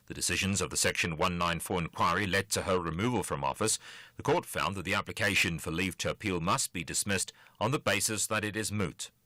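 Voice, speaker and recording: Very deep, bright-toned male newsreader, dry studio, measured and formal. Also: dry recording. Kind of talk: radio news bulletin.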